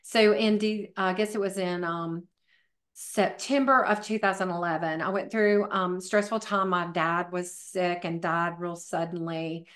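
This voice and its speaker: A woman's voice: on the low side, steady tone, unhurried, a bit bright. A middle-aged woman, a fitness professional and podcast guest, telling her story in a chatty way with many fillers. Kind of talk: casual interview storytelling.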